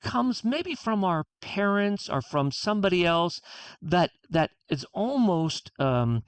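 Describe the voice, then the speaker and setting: Guest author, podcast interview, earnest, reflective, mid pitch, dry sound. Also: very animated, takes it slowly, clean tone, no echo. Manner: earnest, reflective, acts out inner dialogue.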